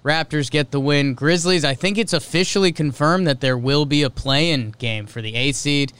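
A man with a smooth, resonant voice hosts a laid-back sports podcast. He reads scores in short, clipped bursts and tosses in casual, offhand remarks. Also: on the high side, moderate pace, a bit bright. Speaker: podcast host.

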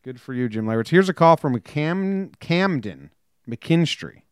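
A man co-hosting a casual sports podcast, joking and quick as he reads listener messages. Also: on the high side, animated, smooth, no echo, clean studio sound. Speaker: podcast co-host.

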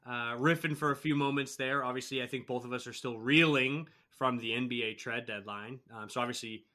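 A man's voice: medium pitch, steady tone, fairly quick. A man hosting an interview podcast, reading a scripted intro and then chatting loosely with many fillers. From Boston area. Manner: loose, filler-heavy, trails off softly. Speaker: podcast host.

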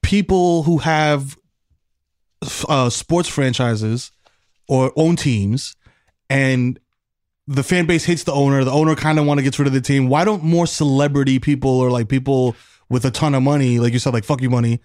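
A man from the Bronx, a guest on a podcast, joking around and chiming in with quick riffs in casual chat. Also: medium pitch, fairly even intonation, darkish tone, dry recording, studio quality. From the Bronx, New York. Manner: jokey, quick with riffs and interjections.

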